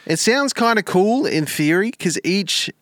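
A young man co-hosting a comedy podcast, understated and mild, answering in short relaxed lines. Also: measured pace, no echo, clean studio sound. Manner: low-key, understated, mild. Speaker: podcast co-host. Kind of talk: casual comedy podcast chat.

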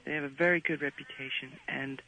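A man doing a comedy impression of an eccentric male pop star with a soft, breathy, childlike voice. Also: mid-range voice, fairly even intonation, fast, pitched below the performer's own voice, rough recording. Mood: dreamy. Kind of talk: comedy impression on a call-in bit.

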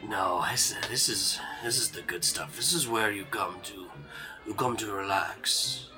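A man voicing a chatty male bartender in a tabletop game, speaking in a slow, familiar drawl and calling guests honey. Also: lowish voice, music in the background, close to an everyday voice. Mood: smug.

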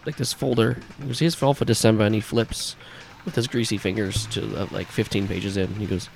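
Low-voiced male game master, relaxed narration, light hiss. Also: brisk, gravelly. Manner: casual, loose, filler-heavy.

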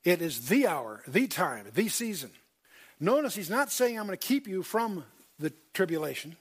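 Man, Bible teacher, high voice, emphatic lecture, rhetorical questions. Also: very animated, normal speed, husky. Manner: emphatic, repeats key points, asks the audience questions. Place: lecture hall with screen.

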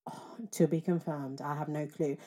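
Low-voiced young woman, slangy podcast chat. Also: moderate pace. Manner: swears freely, animated slang. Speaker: podcast co-host. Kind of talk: casual chat.

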